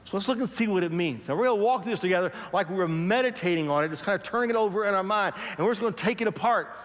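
A man preaching a sermon as pastor, calm and reflective, asking the congregation questions and leading them to speak along with him. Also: high-pitched, racing, big-room sound. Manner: leads the congregation in call and response.

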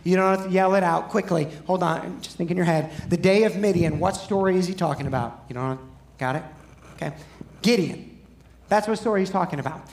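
This pastor's high-pitched, darkish voice moves a little fast as he delivers a conversational sermon and quizzes his audience. The room is echoey, with slight background noise.

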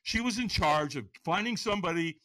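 A man in his sixties, a podcast guest, frankly telling his own story in an animated way and acting out the voices. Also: sits high, brisk, no echo. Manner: animated, acts out voices and inner dialogue; frank, casual speech. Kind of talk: personal storytelling in an interview.

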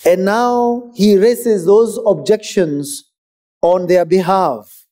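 A man preaching a sermon in a measured, emphatic way with pauses. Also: sits high, dark tone.

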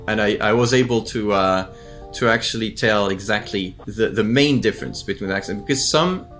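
A man's voice: fairly low pitch, fairly bright tone. A middle-aged man as an interview guest, talking thoughtfully with frequent restarts. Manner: thoughtful, restarts often, imitates accents with laughter. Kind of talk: casual interview talk.

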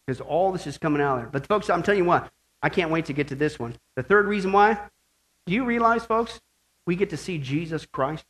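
A pastor preaching a sermon to his church, fervent, dropping to hushed asides and rising to shouted praise. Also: on the high side, lively intonation, a little fast.

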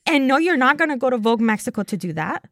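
Animated podcast host woman, higher voice. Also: fast talker, dry recording, clean studio sound. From Puerto Rico. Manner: animated, laughing, slips into Spanish. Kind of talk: casual chat.

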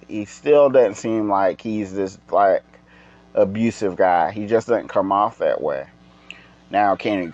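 A man's voice: on the low side, lo-fi sound. Tired man rambling on a podcast. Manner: rambling, halting, many restarts. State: tired, yawning. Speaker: podcast host. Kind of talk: casual solo podcast talk.

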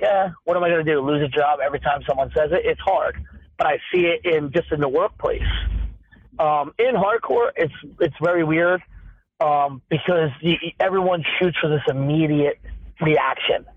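A man's voice: on the high side, dry recording. A man in his late thirties talking candidly as a guest, rambling and emphatic, with frequent restarts and some swearing. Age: 30s. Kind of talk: candid conversational talk. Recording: tinny phone-like sound, dry.

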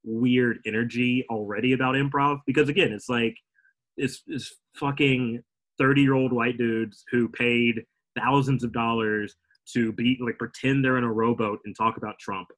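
A man's voice: mid-range voice, steady tone, moderate pace, a bit bright, low-quality recording. A young man, a comedian guest, talking in a rambling, self-interrupting, wry way in a casual interview.

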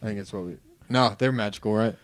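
A man hosting a podcast, running the segments in a relaxed, easygoing way. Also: on the low side, fast. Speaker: podcast host. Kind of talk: casual chat.

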